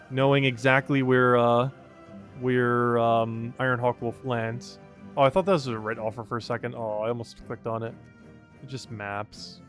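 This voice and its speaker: A man's voice: mid-range voice, fairly even intonation, normal speed, soft background music. A man streaming a game live, chatting casually, reading and greeting chat, and laughing often.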